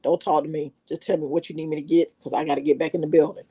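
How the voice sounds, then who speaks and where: Chatty woman with a mellow, low voice. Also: level tone, very fast, breathy edge. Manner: chatty, affectionate, folksy. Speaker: vlogger greeting her viewers. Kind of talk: casual chat.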